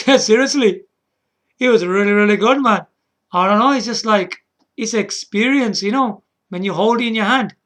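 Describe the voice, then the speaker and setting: A man's voice: high voice, normal speed, fairly bright tone. A man hosting a gaming video in casual, rambling commentary, often checking in with the viewer and chuckling at himself. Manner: frequent restarts and chuckles.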